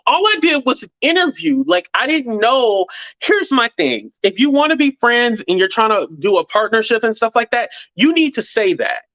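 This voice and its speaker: A man with a high voice hosts his own YouTube commentary channel, talking casually and animatedly to viewers, swearing, saying "blah, blah," and acting out quotes in mocking voices. The recording is dry and the audio dull.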